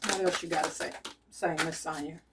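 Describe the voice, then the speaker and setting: A woman giving a channeled tarot reading as a medium, speaking softly and repeating her urgings insistently to her audience. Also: low-pitched, fairly even intonation, a little fast, gravelly, recorded from a distance, heavy background noise.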